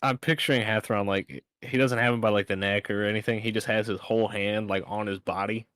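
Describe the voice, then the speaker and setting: A man's voice: fairly low pitch, fairly even intonation, fairly quick, a bit bright, dry recording. Hesitant laughing male player.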